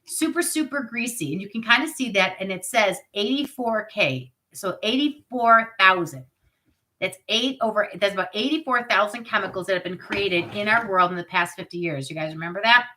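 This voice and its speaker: A woman's voice: mid-range voice, bright, forceful tone, poor audio. A woman in her forties hosting a live product demo on webcam, chatty and upbeat, with asides to her viewers. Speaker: product party host.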